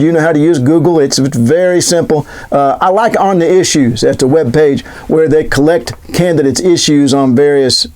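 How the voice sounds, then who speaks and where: A man's voice: fairly high pitch, darkish tone. A middle-aged man giving opinionated solo commentary as a podcast host, sarcastic and mock-questioning, often restarting his words.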